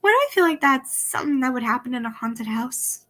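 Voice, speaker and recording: A woman's voice: sits high, expressive, fairly quick, sharp tone. A woman with a Southern country accent, chatting casually as she reacts to her old videos and explains things as she goes. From American South, countryside.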